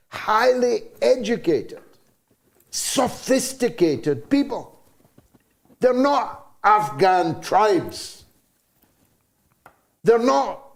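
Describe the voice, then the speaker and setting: An older man with a Scottish accent hosting a political talk show, speaking with deep emotion. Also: vocal fry. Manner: impassioned, emotional. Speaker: host.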